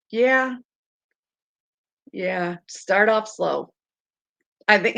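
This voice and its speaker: A middle-aged woman with a hoarse voice, chatting casually on a live stream to her viewers, rambling and laughing often. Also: on the high side, fairly bright tone.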